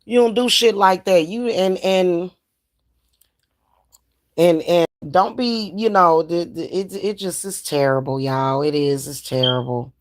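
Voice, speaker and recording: A woman's voice: lowish voice, fairly even intonation, a little slow. A middle-aged woman, ranting in a casual vlog, blunt, heated and profane. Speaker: spiritual reader and vlogger.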